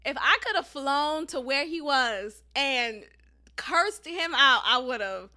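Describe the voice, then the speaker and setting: High bright-voiced woman podcaster, casual and emphatic, says y'all a lot, swears some. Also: slow pace. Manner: emphatic, animated, profane, addresses listeners as y'all. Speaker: podcast host. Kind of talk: casual storytelling monologue.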